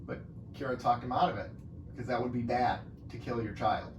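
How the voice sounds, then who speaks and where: A man's voice: medium pitch, fairly even intonation, fairly quick, muffled recording. Rambling man in an echoey room. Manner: rambling, repeats himself, laughs often. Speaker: podcast co-host. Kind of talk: casual podcast chat. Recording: echoey room, mic at a distance, faint noise.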